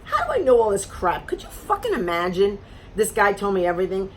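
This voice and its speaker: A woman's voice: mid-range voice, huge pitch swings, a little fast, a little hiss or hum. A middle-aged woman from Florida telling a dating story in an exasperated, sarcastic casual rant. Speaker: vlogger.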